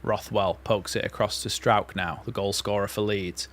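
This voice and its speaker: A man's voice: lowish voice, normal speed. A man hosting a live football watchalong, calling the play and reacting as a fan. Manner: excitable fan commentary, calls play by play. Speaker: watchalong host.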